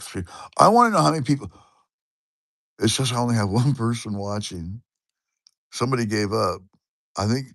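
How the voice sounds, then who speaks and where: A man's voice: on the low side, gravelly, no echo, studio quality. An older man from Washington State, rambling and chuckling as he chats with viewers on his livestream. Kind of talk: rambling casual livestream chat.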